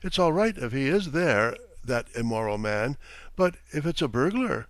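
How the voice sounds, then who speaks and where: A man's voice: mid-range voice, very animated, moderate pace, no echo, close to an everyday voice. A man voicing a nervous, easily frightened wife who speaks anxiously and shrilly.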